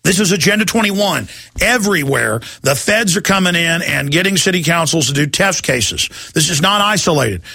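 A man's voice: a little high, expressive, moderate pace, creaky, bright, forceful tone, dry recording, clean studio sound. A man hosting a talk radio show, ranting in a fiery, emphatic way.

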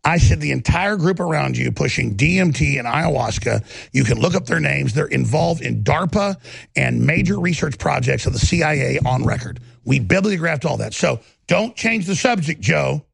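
A man with a heavily gravelly, husky voice delivers a combative on-air rant as host of his own show. His pitch swings widely and he trips over repeated words as he drives his points home. The sound is dry and close, with no room in it. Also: animated, moderate pace, dry recording.

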